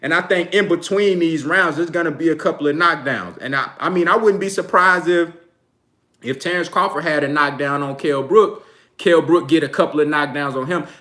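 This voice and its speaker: A man's voice: a little high, moderate pace, bright, forceful tone. A man with a Texan accent hosting a casual livestream about boxing, slangy and loose, laughing often. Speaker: boxing channel host.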